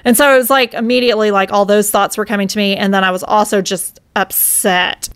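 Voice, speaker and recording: A woman's voice: medium pitch, steady tone, brisk, fairly bright tone, clear, resonant tone, no room sound. A woman in her thirties from the United States, telling her own life story in an emotional, reflective way. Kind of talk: personal storytelling.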